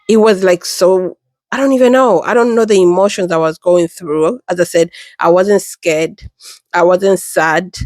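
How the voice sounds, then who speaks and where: A woman in her thirties from the United Kingdom, a mother telling her pregnancy story in a casual, chatty way, jumping up in pitch when she quotes people. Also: no echo, clean studio sound. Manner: chatty and animated, acts out quoted voices with pitch jumps.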